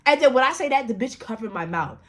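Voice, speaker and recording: Animated young woman telling a story. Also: a little high, fast talker, a little hiss or hum. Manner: animated, profane, slangy retelling with quoted voices. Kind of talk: casual storytime.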